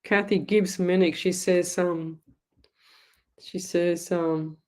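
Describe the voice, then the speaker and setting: A woman's voice: lowish voice, steady tone, slow pace, darkish tone. A middle-aged Australian woman hosting a live psychic call-in show, talking bluntly and scolding callers in a motherly way. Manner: blunt, motherly scolding, calls people lovey. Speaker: psychic medium radio host.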